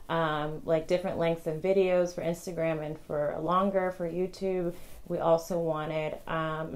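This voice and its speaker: Young female vlogger, lower register, chatty and quick, casual to-camera tips. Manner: chatty, rambling, many ums and restarts; talks fast. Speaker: vlogger sharing wedding tips.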